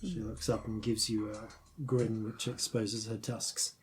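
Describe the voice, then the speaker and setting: A man narrating as game master, halting and full of filler sounds as he describes the scene. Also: on the low side, level tone, slight background noise. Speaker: dungeon master.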